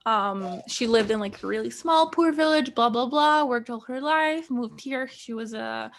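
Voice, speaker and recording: A woman's voice: a little high, moderate pace. A young woman from Greece chatting casually on a podcast, telling a story with lots of fillers and laughs. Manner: storytelling with many likes and laughs. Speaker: podcast co-host. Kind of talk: casual chat.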